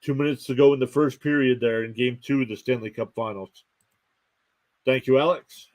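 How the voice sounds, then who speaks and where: A man's voice: medium pitch, steady tone, normal speed, a little mellow. A young man hosting a live stream, calling baseball play-by-play, reading out scores and thanking viewers. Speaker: live stream sports commentator. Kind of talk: live play-by-play reaction commentary.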